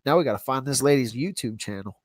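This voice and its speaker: A man hosts a livestream in a loose, easygoing way, dropping casual slang and thinking out loud. His voice sits at an ordinary pitch. The sound is dry and close. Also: expressive, fast, dry recording. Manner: rambling, laid-back, talks to himself while browsing; casual slang, says y'all. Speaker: YouTube channel host.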